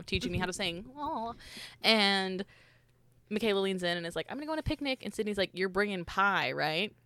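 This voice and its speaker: A woman's voice: on the low side, pushed and bright, smooth, dry recording. Young female co-host, chatty and giggly, dry close-mic sound. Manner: chatty, laughs often, trails off mid-sentence. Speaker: podcast co-host. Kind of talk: casual book chat.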